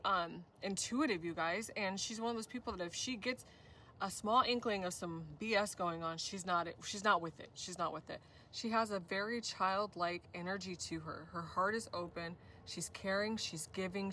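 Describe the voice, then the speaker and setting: A woman's voice: mid-range voice, normal speed, fairly bright tone, recorded from a distance, a little hiss or hum. A woman giving a spiritual tarot reading, gushing and effusive, often addressing viewers as "you guys". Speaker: tarot reader.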